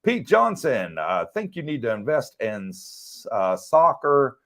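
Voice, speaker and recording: American man, mid pitch, casual livestream co-host, relaxed and chatty, answers viewer questions. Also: measured pace. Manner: relaxed, chatty, easy laughs. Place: condo in Thailand.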